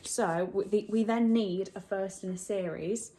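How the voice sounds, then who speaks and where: A young woman talks straight to her camera at home in a chatty, candid vlog. Her voice sits at a middle pitch and she rambles through quick asides. A faint hiss runs underneath. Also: steady tone, warm tone. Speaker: book vlogger. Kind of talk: casual vlog chat. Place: at home, partly from bed.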